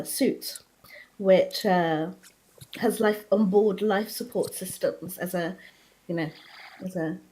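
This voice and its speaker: A woman playing a tabletop game, narrating her character in an unhurried, chatty way. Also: mid-range voice, darkish tone, poor audio. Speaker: player. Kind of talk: casual tabletop role-play.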